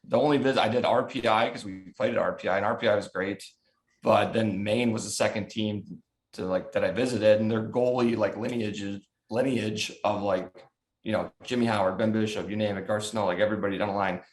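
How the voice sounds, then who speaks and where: Laid-back low-voiced man telling stories. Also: steady tone, brisk. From Chicago south suburbs, USA. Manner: laid-back, profane, laughs often while telling stories. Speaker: guest, former pro hockey goalie. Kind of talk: casual podcast chat.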